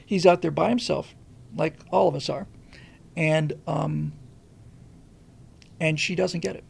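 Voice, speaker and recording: A man's voice: fairly high pitch, fairly even intonation, measured pace, creaky, a little mellow, slightly rough. A man hosting a show, talking through a casual commentary monologue and telling a story in a rambling way, often restarting and repeating words. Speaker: show host.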